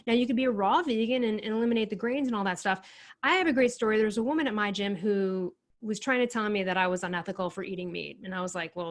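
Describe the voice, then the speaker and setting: A woman co-hosting a podcast, speaking her mind in an opinionated, ranting way in casual chat. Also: medium pitch. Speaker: podcast co-host.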